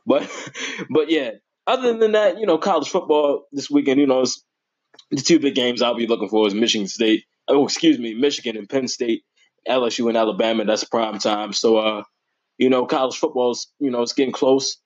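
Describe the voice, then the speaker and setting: A young man talks sports in a loose, slangy way, his voice shooting up high whenever he gets worked up. His voice has a slightly husky edge. The recording sounds dull and lo-fi. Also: a little fast. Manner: animated, voice jumps high when excited; informal, slangy and playful. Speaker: sports podcast host. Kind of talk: casual sports talk.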